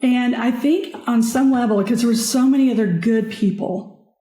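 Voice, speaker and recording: A woman guest on a podcast, telling her own story in an earnest, halting way with frequent restarts. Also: fairly high pitch, dark tone. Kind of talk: candid personal storytelling. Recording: echoey room.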